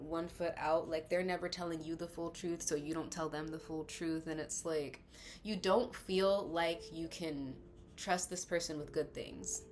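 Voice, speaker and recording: A woman's voice: lowish voice, a little hiss or hum. A woman giving a casual tarot reading, rambling and chatty with many fillers, slightly lisping through a retainer. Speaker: tarot reader.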